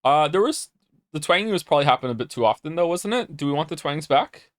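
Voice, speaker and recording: In a slightly high, animated voice, a young man streams and talks fast, loosely chatting with his viewers. He rambles on, reads chat aloud, and sometimes becomes flustered, with clean studio sound and no room echo.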